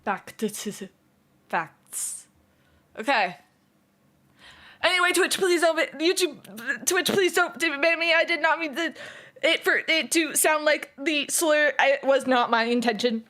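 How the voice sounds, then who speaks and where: Fast-talking, giggly young woman streaming. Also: high-pitched, sharp tone. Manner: fast-talking, giggly, self-conscious about her pronunciation. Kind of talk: casual live-stream chat.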